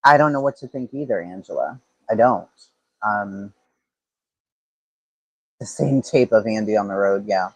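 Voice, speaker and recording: Husky-voiced man rambling on a livestream. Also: on the low side, unhurried, pauses often, dry recording, rough recording. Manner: rambling, thinks aloud, frequent fillers and restarts. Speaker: true-crime livestream host. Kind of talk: casual livestream commentary.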